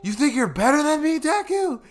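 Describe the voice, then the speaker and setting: A man voicing an angry, bossy six-year-old boy who shouts and taunts. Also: very high-pitched, very animated, normal speed, pitched above the performer's own voice. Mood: yelling. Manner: loud and aggressive.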